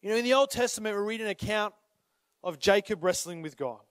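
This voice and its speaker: A man preaching a sermon as pastor, swinging between urgent, rising calls and quiet appeals, sometimes acting out the people in the story. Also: high-pitched, fairly quick, no echo, studio quality. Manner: impassioned, rises to urgent calls then drops to quiet; acts out voices when retelling scripture.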